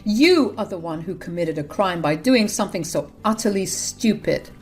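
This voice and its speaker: A woman's voice: fairly low pitch, lively intonation, normal speed, soft background music, natural voice. A woman voicing an adult son who scolds his mother in an exasperated tone. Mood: angry.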